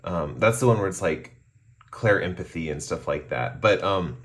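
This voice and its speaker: A man with a hoarse voice after a cough, giving a relaxed, rambling tarot reading with many pauses and ums. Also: low voice. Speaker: tarot reader. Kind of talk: casual pick-a-card tarot reading.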